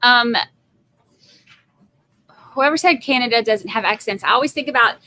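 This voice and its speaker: Bright-voiced chatty woman host. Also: fairly high pitch, normal speed, rough recording. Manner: chatty, self-mocking. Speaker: trial stream host. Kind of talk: casual live commentary.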